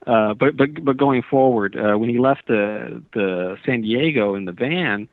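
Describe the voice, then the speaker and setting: A man's voice: medium pitch, a little slow, no room sound. A male author as a radio interview guest, telling a long story in a meandering, earnest way with many restarts. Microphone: phone. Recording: tinny dry phone line.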